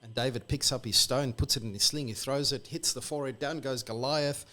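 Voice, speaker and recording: An Australian man retelling a bible story on the radio in a lively, animated way. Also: medium pitch, a little fast. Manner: lively, animated storyteller who acts out characters. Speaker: church guest.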